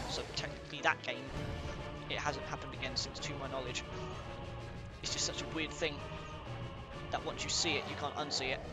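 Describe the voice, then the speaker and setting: A man casually commenting on his gameplay at home on a headset, rambling and excitable, often apologizing to his viewers. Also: fairly high pitch. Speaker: let's play host. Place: room at home at a gaming chair. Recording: game music clearly behind.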